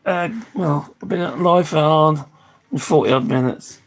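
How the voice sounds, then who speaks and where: Gravelly older live-streamer. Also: mid-range voice, measured pace, poor audio. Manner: chatty, swears casually, laughs often. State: tired, losing voice. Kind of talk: casual live-stream chat.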